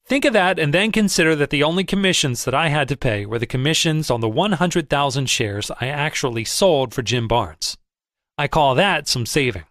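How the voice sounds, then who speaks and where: Male narrator for a first-person audiobook, expressive and measured, lively pitch, dry booth sound. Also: no room sound.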